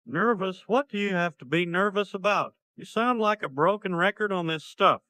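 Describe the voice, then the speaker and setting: A synthetic man's voice playing a gruff, blunt middle-aged small-town dad in a parody cartoon. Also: sits high, moderate pace, pushed and bright, dry recording. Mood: plain. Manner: blunt, plain-spoken.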